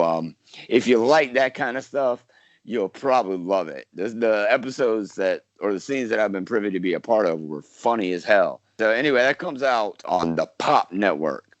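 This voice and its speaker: A man's voice: lowish voice, fairly bright tone, dry recording. A man from South Carolina, an actor guest chatting casually in an interview, rambling with lots of fillers and restarts. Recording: dull lo-fi dry sound.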